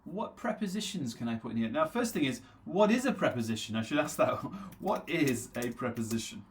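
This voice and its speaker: An English teacher runs a live online class in a sing-song, ordinary middle-pitched voice. He drills pronunciation by saying words slowly again and again, and reads viewers' names from the chat to answer them.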